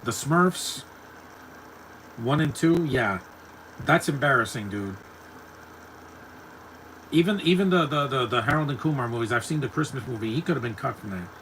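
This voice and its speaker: A man's voice: medium pitch, lively intonation, normal speed, pauses often, fairly bright tone, low-quality recording. This is a man with an ordinary mid-range voice talking casually over a film as it plays. He rambles and restarts often, repeating words before he lands on a point. A faint background noise sits under the recording. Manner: rambling, stumbles and repeats words, chuckles to himself. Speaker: movie commentator. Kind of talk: casual live movie commentary.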